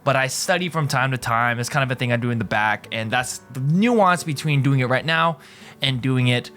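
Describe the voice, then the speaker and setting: Dude explaining stuff in a chill video lesson, keeps saying right?, some quiet music behind. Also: male voice, medium pitch, normal speed. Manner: explains in loose restarts, tags with right?. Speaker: language teacher.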